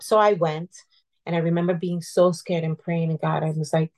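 A woman guest telling a personal story in an earnest, heartfelt, halting way. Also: lowish voice, flat delivery, a little mellow. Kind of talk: personal storytelling in a podcast conversation.

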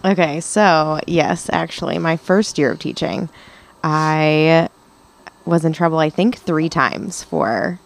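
A woman's voice: sits low, slow, creaky. A young woman who is a teacher, a guest on a podcast, chatting casually and hesitantly with lots of filler words. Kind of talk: casual chat.

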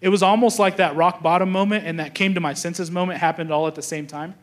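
A young adult man with a high, steady voice talks fast as he preaches a sermon. He's a pastor telling stories casually, acting out the thoughts of the people in them and restarting often.

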